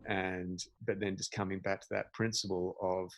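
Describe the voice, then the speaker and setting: A man in his forties tells a personal story as a podcast guest, acting out dialogue and breaking into laughter along the way. His voice sits low with a gravelly, fry-edged texture. The recording is dry and close, with no room sound. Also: normal speed, no room sound, low-quality recording. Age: 40s. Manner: animated storyteller, laughs often, mimics dialogue. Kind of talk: casual storytelling interview.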